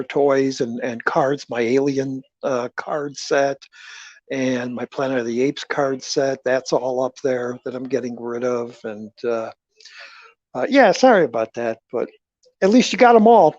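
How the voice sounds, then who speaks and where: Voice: medium pitch, a little mellow, no echo, highs cut off. A live-stream host chatting in a rambling way with viewers in the chat, often stammering and repeating words while talking about selling a movie collection. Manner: talks directly to viewers in the chat.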